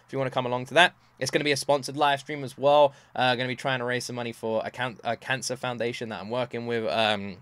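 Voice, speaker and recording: A man in his thirties giving casual reaction commentary, gushing and effusive, often repeating himself and swearing casually, with bursts of loud excitement. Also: medium pitch, fast, hardly any pauses, clean tone, dry recording. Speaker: music reaction YouTuber.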